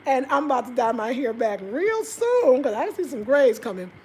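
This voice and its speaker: A middle-aged woman vlogger telling a story in a casual, animated way, laughing often and acting out quotes. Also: high voice, moderate pace, a little hiss or hum. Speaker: travel vlogger.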